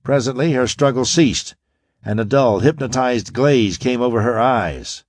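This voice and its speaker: A man narrating a pulp science fiction audiobook with steady, dramatic storytelling. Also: mid-range voice, a little slow, no echo, clean studio sound. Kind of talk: scripted narration.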